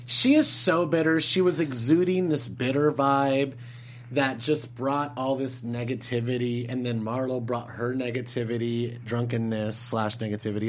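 A woman's voice: very deep voice, fairly even intonation, normal speed, slight background noise. A woman co-hosting a fan after-show, chatting casually with playful asides. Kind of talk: casual chat.

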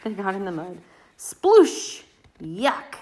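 A woman hosting a reading show for small children, reading a picture book aloud in a slow, playful, sing-song way and asking the children questions. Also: medium pitch, expressive.

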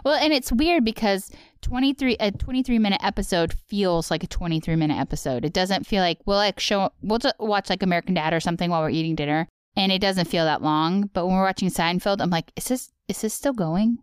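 A woman's voice: lowish voice, quick pace, few pauses, clear, resonant tone, dry recording, clean studio sound. A woman co-hosting a casual podcast chat, recapping cartoon episodes and acting out quotes as she goes. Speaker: podcast co-host.

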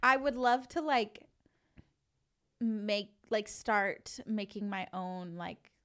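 A woman's voice: medium pitch, slow, a bit bright, clean tone. A woman co-hosting a podcast, chatting casually, laughing often and talking in loose, filler-heavy sentences. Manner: giggly, chatty, lots of fillers. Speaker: podcast co-host. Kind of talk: casual chat.

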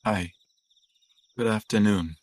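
A man's voice: lowish voice, slow, darkish tone, dry recording. A man playing a tabletop game, speaking plainly both in and out of character. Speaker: player.

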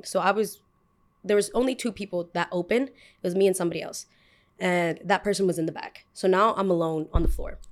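A woman in her twenties, a podcast host telling a story in a casual, animated way, full of "like" and "I was like.". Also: mid-range voice. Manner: animated, fills speech with "like" and "I was like".

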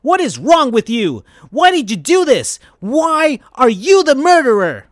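A man's voice: very high-pitched, wildly swooping pitch, normal speed, fairly bright tone, pitched above the performer's own voice, exaggerated voice. A man voicing a hot-headed teenage hedgehog boy with a yelping, outraged delivery in a comedic fan-fiction reading.

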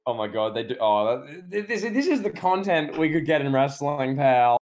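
A man co-hosting a podcast in casual chat, excitable and riffing with plenty of "like". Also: fairly high pitch, normal speed. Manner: excitable, riffs with lots of "like" and laughter. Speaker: podcast co-host.

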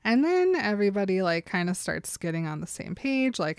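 A woman in casual podcast chat, retelling a novel's scenes with playful little voices for each character. Her pitch sits in an ordinary middle range, and the recording is close and dry. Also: fairly quick, few pauses, clear, resonant tone, no room sound. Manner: animated retelling with acted quotes and laughs. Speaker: podcast co-host. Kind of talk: casual book recap chat.

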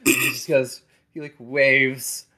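A game master narrating a tabletop game, softly and hesitantly, with many fillers. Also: medium pitch, flat delivery, a little slow, poor audio.

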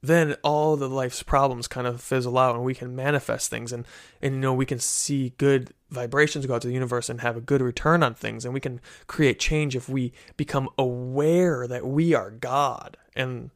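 A man's voice: medium pitch, fairly even intonation, moderate pace. A man hosting a Christian teaching talk, speaking casually with many restarts and "right?" tags, from a desk with a microphone. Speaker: Christian teacher, podcast host. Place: room with desk and bookshelf. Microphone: studio microphone.

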